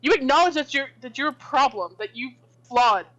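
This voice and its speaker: A woman's voice: sits high, animated, moderate pace, a bit bright, lo-fi sound. A woman playing a fierce, foul-mouthed warrior. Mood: heated. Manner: confrontational, swears heavily. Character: fierce, proud warrior who demands trust. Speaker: player voicing her character. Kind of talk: in-character tabletop role-play.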